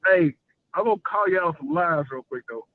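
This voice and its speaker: A man's voice: fairly high pitch, lively intonation, brisk, no room sound. A male caller chatting loosely and jokingly on a call-in show, full of filler phrases. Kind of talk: casual call-in chat. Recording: tinny dry phone line.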